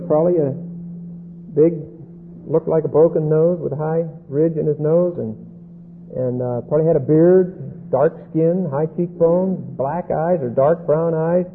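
A man teaches scripture slowly and deliberately, often pausing to check in with his listeners. His voice sits fairly high. It comes through a tinny, phone-like line with a faint hum. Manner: deliberate, repeats "okay?" checks. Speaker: Bible teacher.

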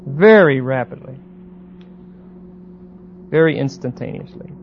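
A man lecturing a Bible class, pausing and repeating words and often checking that students follow. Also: mid-range voice, expressive. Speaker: Bible teacher. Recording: dull lo-fi recording with faint hiss.

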